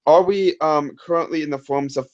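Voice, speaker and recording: A man reading viewer questions aloud on a livestream, halting and filling gaps with ums. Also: fairly high pitch. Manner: halting, many ums and restarts. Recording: dull lo-fi sound.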